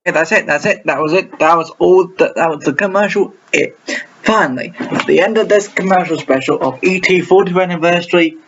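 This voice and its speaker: A man hosting a casual reaction video. He rambles, repeats himself and restarts halting sentences, and his voice sounds a little off today. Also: high-pitched. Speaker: reaction channel host. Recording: dull lo-fi with faint noise.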